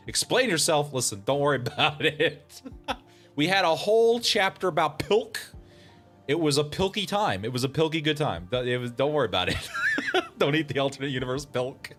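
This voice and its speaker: Male streamer, slightly high, bright voice, joking let's-play commentary with frequent laughs. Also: animated, moderate pace, faint music behind. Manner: laughs often, jokey, reads game lines aloud. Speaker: streamer playing a game.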